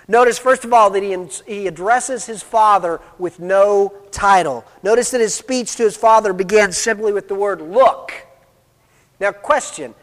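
Casting note: high-pitched male pastor with a cold, emphatic sermon delivery, long hall reverb. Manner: emphatic, repeats "notice" to stress points. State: has a cold, coughing.

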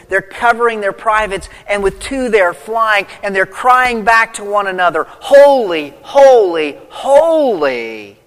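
A man's voice: high voice, fairly bright tone. A man preaching a sermon, reading scripture aloud and then explaining it with rising emphasis. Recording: long hall reverb.

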